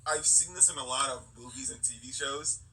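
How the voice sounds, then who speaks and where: A man's voice: mid-range voice, a little fast, sharp tone. A man co-hosting a podcast, giving sarcastic, joking commentary on a movie. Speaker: podcast co-host. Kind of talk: casual movie recap chat. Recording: distant mic with faint background hiss.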